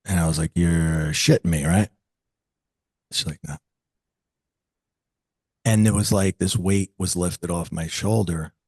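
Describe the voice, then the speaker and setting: A man in his late forties, an interview guest, telling a personal story in a lively conversational way and acting out the voices of the people in it. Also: low voice, measured pace, long pauses, husky, dry recording. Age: 40s. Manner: animated, acts out quoted dialogue.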